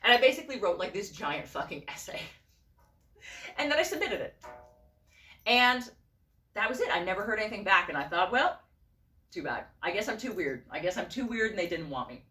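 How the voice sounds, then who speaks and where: A woman's voice: medium pitch, brisk, pauses often. A woman telling a story in a casual vlog, swearing freely and acting out the voices of the people she quotes. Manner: animated, profane, acts out quoted voices. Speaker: vlogger and costume designer. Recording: roomy and a bit distant from the mic.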